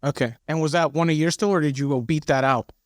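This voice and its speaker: A man's voice: a little high, fast, no echo, clean studio sound. A man hosting a podcast, asking eager questions that he stacks one after another. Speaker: podcast host. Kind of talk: casual podcast interview.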